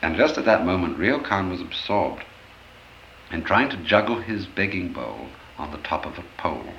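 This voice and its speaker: A man giving an expressive storytelling lecture, acting out the anecdotes as he goes. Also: low-pitched, normal speed, creaky, slight background noise. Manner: expressive, animated, acts out stories. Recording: roomy, dull old lecture recording.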